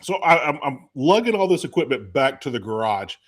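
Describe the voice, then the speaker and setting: A man hosting a casual chat, telling a lively story and acting out quotes. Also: medium pitch, fairly quick. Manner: animated storyteller, acts out quotes. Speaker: podcast host.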